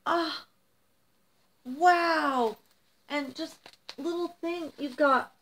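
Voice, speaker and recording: A woman's voice: sits high, drawn-out words, long pauses, fairly bright tone. Gushing middle-aged woman vlogger. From United States. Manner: emotional, gushing, rambling. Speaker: vlogger opening gifts. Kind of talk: casual chat to camera.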